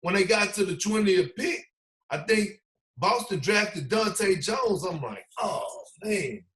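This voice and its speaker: A man's voice: high voice, takes it slowly. A man telling stories in a casual, slangy way, acting out what others said. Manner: animated storyteller, slangy, acts out quotes. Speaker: podcast guest, former basketball player. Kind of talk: casual storytelling.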